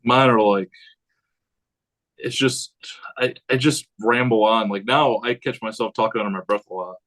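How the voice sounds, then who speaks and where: A man who is a high school head football coach, talking casually on a podcast in a rambling way and acting out what he says to players. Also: moderate pace, rough recording. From United States. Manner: rambling, animated, acts out quotes of himself.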